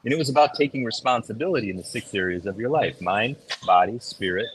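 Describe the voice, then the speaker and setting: A middle-aged man chatting casually as a podcast co-host, telling stories and acting out quoted voices with big jumps in pitch. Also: expressive, fast, a bit bright, a little hiss or hum, poor audio. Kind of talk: casual chat.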